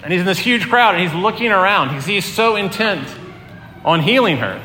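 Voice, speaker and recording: A man's voice: sits high, expressive, brisk, pushed and bright. A man preaching a sermon as pastor in a conversational, earnest way with many fillers. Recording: echoey hall, long reverb, faint room noise.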